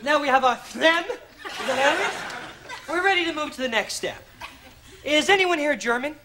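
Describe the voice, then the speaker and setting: A man playing a pompous accent teacher in a comedy sketch, with sudden shouts. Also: very high-pitched, expressive, moderate pace. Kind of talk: sketch comedy in front of a live audience. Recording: live studio audience laughter and noise.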